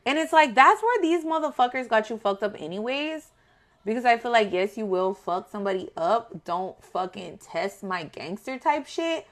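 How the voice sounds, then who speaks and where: A woman's voice: fairly high pitch, lively intonation, moderate pace, fairly bright tone. Blunt, profane woman tarot reader. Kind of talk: casual spoken tarot reading.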